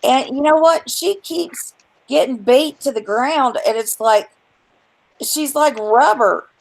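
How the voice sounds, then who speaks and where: High, gravelly woman streamer. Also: slow, rough recording. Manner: blunt, profane, rambling storytelling. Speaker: stream host. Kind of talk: casual chat.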